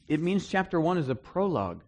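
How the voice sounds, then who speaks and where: A man's voice: on the high side, brisk. A middle-aged man, a pastor, preaching a conversational sermon to a congregation in a church hall. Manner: conversational teaching, animated and emphatic at points.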